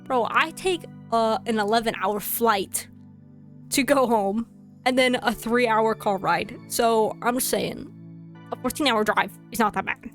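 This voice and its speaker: A young woman talks over a game on stream in a fairly high voice, playful and chatty. Faint game music plays under her. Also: measured pace. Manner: chatty, playful, laughs often. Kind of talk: casual game commentary. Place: home streaming setup.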